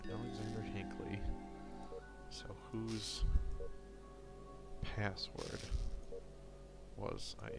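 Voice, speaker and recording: A man giving casual, tired, low-energy commentary while he plays a game, mumbling into a desk microphone. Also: sing-song, very slow, vocal fry, long pauses. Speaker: let's play host. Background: game music.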